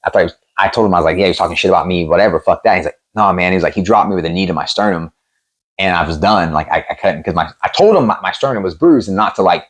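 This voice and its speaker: In a relaxed sit-down interview, a fairly low-voiced man in his thirties, an MMA promoter and former fighter appearing as a guest, tells rough gym stories from his fighting days at a racing pace. He is animated and profane, jumping into the voices of the people he quotes.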